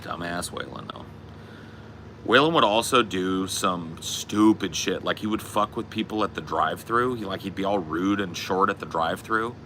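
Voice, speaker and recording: A man hosting a podcast, telling a story in a profane, laid-back, animated way. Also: low-pitched, moderate pace, a little hiss or hum. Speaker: podcast host. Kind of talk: casual chat, storytelling.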